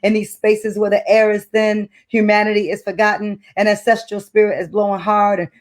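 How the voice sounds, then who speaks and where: A woman's voice: medium pitch, level tone, brisk. A middle-aged woman from Detroit, a poet reading her work aloud with a rhythmic, emphatic spoken-word delivery and then chatting as a book club guest over a video call. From Detroit, United States.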